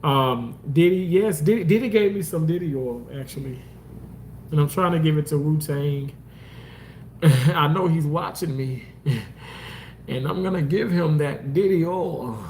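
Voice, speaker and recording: A man hosting a casual livestream, reading comments and talking loosely, swearing often and jumping into exaggerated mock voices. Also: moderate pace. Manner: animated, swearing, swings into high mock voices. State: homeless, says so. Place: outdoors park.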